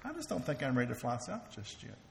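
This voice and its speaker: A man voicing a stubborn little bird in a parable, in a quiet, hushed storytelling voice. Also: medium pitch, wildly swooping pitch, fast, gravelly. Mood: reluctant. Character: stubborn little bird, fretful then relieved. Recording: echoey hall with faint ambience.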